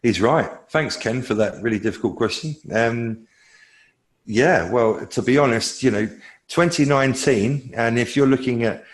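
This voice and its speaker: A man's voice: medium pitch, moderate pace. A man, a technology analyst, answering questions in a conversational way, thinking aloud with fillers and restarts. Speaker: cloud technology analyst, guest.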